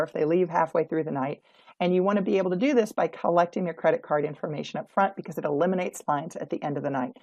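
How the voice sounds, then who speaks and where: A woman's voice: on the low side, a little mellow, dry recording. A woman, an auction consultant, giving emphatic coaching tips in an instructional video. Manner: emphatic, coaching tone, acts out example dialogue.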